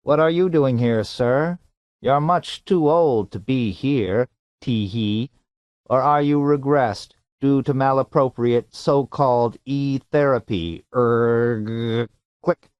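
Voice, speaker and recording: A man's voice: mid-range voice, slow, clean tone, no echo, pitched above the performer's own voice, natural voice. A man voicing a tinny, fussy robot psychiatrist that lives in a suitcase and chatters in a prim, easily huffed way. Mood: chirpy.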